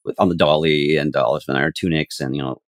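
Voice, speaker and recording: A man's voice: a bass voice, steady tone, fairly quick, dry recording, studio quality. A man guest on a podcast, telling rambling set stories with many restarts. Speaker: camera operator guest. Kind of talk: casual podcast chat.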